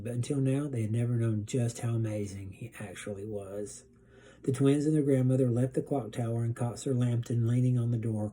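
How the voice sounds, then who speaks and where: Husky-voiced male teacher reading aloud. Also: medium pitch, dark tone.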